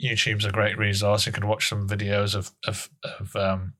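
Man, comedy podcast co-host, deadpan, mock-serious, lowish voice. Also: moderate pace.

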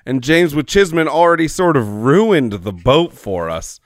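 A man's voice: on the high side, lively intonation, measured pace, no echo, clean studio sound. A man playing in a tabletop role-playing game, joking casually with the group. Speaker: player.

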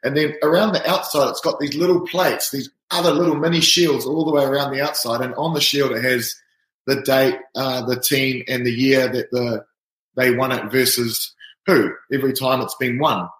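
A man's voice: mid-range voice, steady tone, moderate pace, a bit bright, reverberant, poor audio. A man, a rugby player telling an anecdote casually and animatedly, often breaking into laughter. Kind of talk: casual storytelling.

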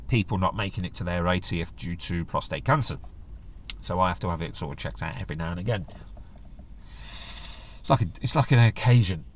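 His voice is on the low side with a sharp tone. The middle-aged man hosts a casual solo podcast, chatty and jokey, wandering between topics and using silly voices to quote others.

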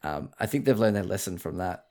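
Gravelly, animated man swearing freely. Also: low voice, a little fast. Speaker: podcast co-host. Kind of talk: casual chat about video games.

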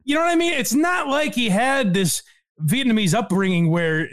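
A man co-hosting a casual comedy podcast, talking in an animated way, laughing often and quoting people in voices. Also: extremely high pitch, moderate pace. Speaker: podcast co-host.

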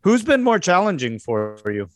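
A man's voice: high-pitched, wildly swooping pitch, normal speed. A man who runs the tabletop game, hosting a casual podcast chat and putting questions to the others. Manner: leads the talk, asks questions. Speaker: game master and host.

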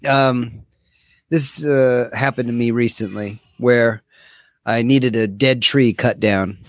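A man in casual chat, easygoing and supportive, telling his own story in a measured way. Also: medium pitch, fairly even intonation, dry recording. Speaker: podcast co-host.

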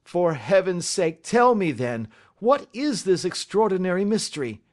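A man voicing an excitable, distraught middle-aged banker in an audiobook, pleading and bursting with emotion. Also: on the high side, measured pace, pitched above the performer's own voice. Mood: urgent. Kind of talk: audiobook character reading.

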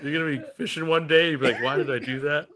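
A man's voice: fairly high pitch, fairly even intonation, quick pace, background noise. A man co-hosting a casual podcast, teasing and playful. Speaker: podcast co-host. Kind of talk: casual chat.

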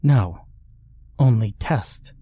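Male narrator reading a grave alien in clipped broken speech; slow, dark. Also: medium pitch, breathy edge, no room sound. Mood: stern. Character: terse, flat-spoken alien creature, sexless.

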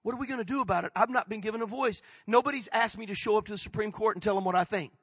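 Bright, high-voiced man preaching. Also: rapid-fire, breathy edge, no room sound, studio quality. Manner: impassioned preaching, swinging from loud peaks to hushed prayer; informal, folksy phrasing. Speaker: pastor. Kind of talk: sermon.

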